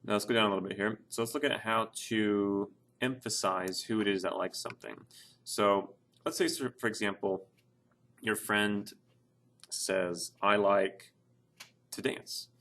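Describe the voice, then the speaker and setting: A man's voice: lowish voice, fairly even intonation, a little slow, fairly bright tone. A man teaching a casual Spanish grammar lesson over an on-screen document, explaining step by step with frequent fillers. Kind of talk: screen-share lesson narration.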